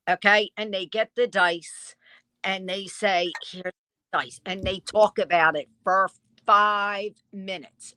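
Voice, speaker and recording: A woman vintage dealer telling stories in a casual interview, acting out what people said with lively quoted dialogue. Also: medium pitch, no room sound. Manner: lively storyteller who acts out quoted dialogue. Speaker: vintage dealer and online seller.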